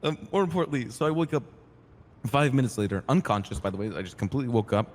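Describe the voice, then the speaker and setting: A man playing a streetwise, hot-tempered crew boss in a roleplay game, retelling events in an animated way, acting out quoted lines and swearing freely. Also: mid-range voice, fast talker, long reverb tail, slight background noise, lightly acted. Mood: earnest. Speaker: roleplay character telling his side. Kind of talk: in-character storytelling in a roleplay game.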